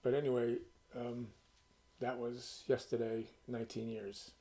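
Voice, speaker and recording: A man's voice: medium pitch, little pitch movement, normal speed, dark tone. A man hosting his own channel, telling stories to the camera in a casual, rambling way with many restarts. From Connecticut. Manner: rambling, conversational storyteller with restarts. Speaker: channel host.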